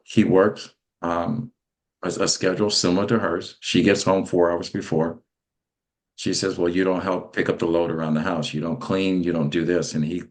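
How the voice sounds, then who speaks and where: Man, interview host, very deep voice, halting rambling speech. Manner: rambling, searching for words with many fillers and restarts. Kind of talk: interview questions.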